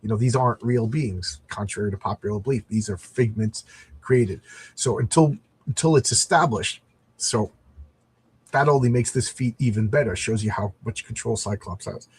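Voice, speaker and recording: Husky middle-aged guy rambling thru a comic review, chatty and loose. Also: lowish voice, normal speed. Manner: rambling, chatty, reads panels aloud in voices. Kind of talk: casual comic commentary.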